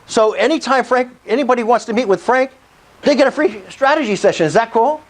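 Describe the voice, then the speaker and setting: A man giving a live sales presentation at an investors' meetup, excitable and pushy, often asking the room if it's cool. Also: very high voice, fairly quick, poor audio.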